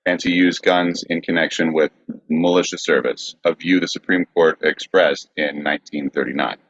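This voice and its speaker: A very deep-voiced man hosting a podcast, reading history notes with halting fillers. The recording sounds dull and lo-fi. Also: steady tone, fairly bright tone, no room sound. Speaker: host. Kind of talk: reading history in casual chat.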